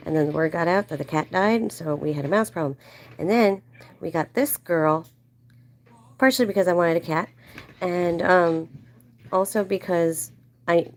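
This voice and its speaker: A woman hosting a livestream, telling a casual story in a chatty way and acting out quoted voices in a higher, playful tone. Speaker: livestream host.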